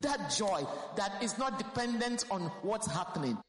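A woman's voice: mid-range voice, animated, moderate pace. A woman pastor, preaching a sermon fervently and emphatically, repeating key phrases. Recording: roomy hall with long reverb.

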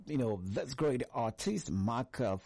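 A man's voice: medium pitch, expressive, a little slow, background noise. A man hosting a casual talk about a song, rambling along with lots of fillers and correcting himself as he goes.

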